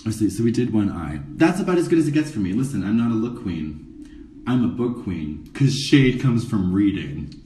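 A campy, sarcastic drag performer does a makeup tutorial in a casual live-stream chat from his dressing room before a show, wandering off into rambling asides. His voice is fairly low, very animated, brisk and mellow. It's picked up by a phone camera set a bit away, so the sound is distant and roomy.

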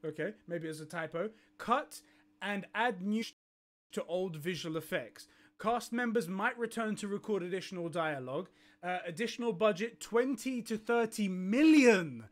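A man's voice: sits high, lively intonation, normal speed. A young man streaming live, swearing and laughing in disbelief as he reacts.

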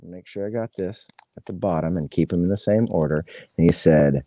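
A man's voice: low voice, a little fast, mellow, no room sound. A laid-back man hosting a live card box break, chatting casually in slang. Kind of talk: casual live-stream chat.

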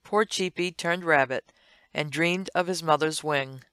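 A woman narrating an old comic strip as a read-along storybook, with a gentle, sing-song delivery and playful asides. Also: sits low, measured pace, clear, resonant tone, no room sound, clean studio sound.

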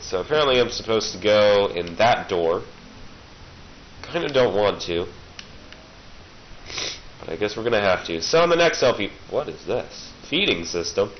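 Man, gamer, sarcastic commentary, has a cold, deep-ish voice, lo-fi sound. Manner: sarcastic, taunting enemies playfully. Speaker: let's play gamer. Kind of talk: casual gameplay commentary. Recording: dull lo-fi recording with faint hiss.

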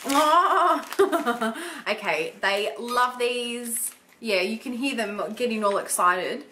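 A young woman excitedly unboxing gifts for her vlog, gasping and gushing with delight. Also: on the high side, slow pace, a little hiss or hum. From Australia. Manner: gushing, gasping, lots of "oh my God". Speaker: beauty vlogger.

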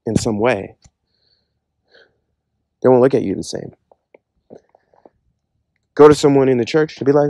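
A man's voice: medium pitch, measured pace, pauses often, mellow, no echo. A man giving an earnest, conversational personal testimony about faith, often using casual fillers. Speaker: Christian speaker giving a testimony.

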